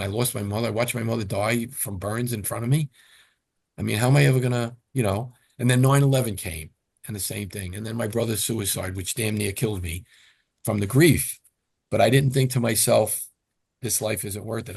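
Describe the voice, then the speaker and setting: A man's voice: on the low side, fairly quick, vocal fry, husky. An older man, a retired firefighter, talking casually as an interview guest and acting out quoted lines as he tells stories. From New York. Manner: animated storyteller, acts out quotes.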